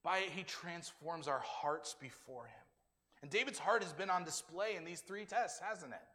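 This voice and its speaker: Pastor, male, conversational sermon delivery, acting out quotes, fairly high voice, long echo of a big hall. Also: normal speed, bright, forceful tone. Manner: conversational preaching, acts out quotes.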